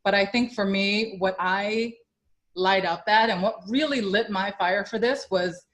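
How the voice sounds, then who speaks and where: Speaking unhurriedly in a medium-pitched, slightly bright voice, a young fitness coach recounts her story during an interview. She is chatty and uses many fillers, and her emotion builds until she grows tearful.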